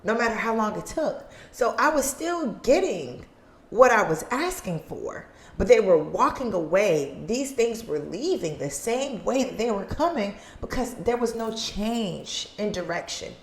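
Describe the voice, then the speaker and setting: A woman's voice: medium pitch, sing-song, measured pace, reverberant. A woman hosting a podcast from the couch in her living room, giving an earnest motivational talk on a mic and acting out little scenes as she goes. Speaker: podcast host. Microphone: studio mic.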